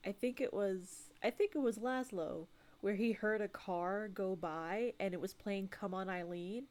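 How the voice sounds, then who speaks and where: A woman co-hosting a podcast in casual chat, excited and laughing easily. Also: medium pitch, a little slow. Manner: giggly, excited. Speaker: podcast co-host.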